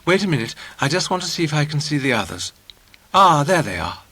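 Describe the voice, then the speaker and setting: A man's voice: on the high side, sing-song, a little fast, pushed and bright, breathy edge, no echo, voice pushed up, exaggerated voice. A man voicing a fussy, clinging young woman who talks in an affected, gushing way.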